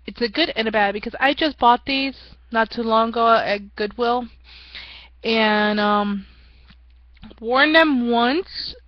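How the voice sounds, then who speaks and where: A woman's voice: a little high, steady tone, a little slow, no room sound, highs cut off. A young woman giving a rambling, self-mocking casual vlog update, often laughing at herself. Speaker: vlogger.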